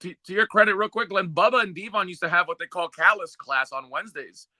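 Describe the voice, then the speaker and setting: Sharp-voiced man spinning a lively tale. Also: sits high, quick pace, no room sound. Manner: lively storyteller, acts out the other people in his stories. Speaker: co-host, former wrestler. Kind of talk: casual podcast chat.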